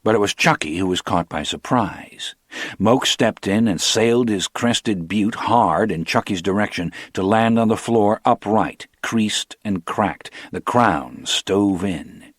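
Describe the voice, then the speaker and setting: Low-voiced male audiobook narrator. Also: dry recording, studio quality. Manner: measured, rhythmic storytelling with slowed emphases. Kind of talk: audiobook narration of crime fiction.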